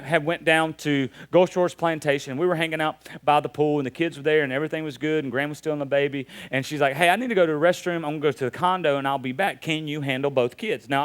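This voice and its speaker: A man in his thirties preaching a sermon, telling funny stories with animated delivery. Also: high voice. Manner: storytelling, joking, animated. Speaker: pastor.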